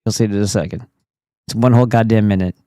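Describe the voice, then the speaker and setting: A man's voice: fairly low pitch, fairly even intonation, fast, dark tone, no echo. A man hosting a casual livestream, talking in a goofy, profane and rambling way. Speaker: streamer host.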